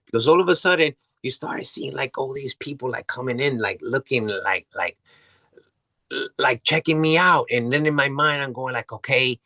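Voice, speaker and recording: A man's voice: medium pitch, moderate pace, pushed and bright, no echo. A man telling a story as an interview guest, rambling, restarting often and swearing freely. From New York City.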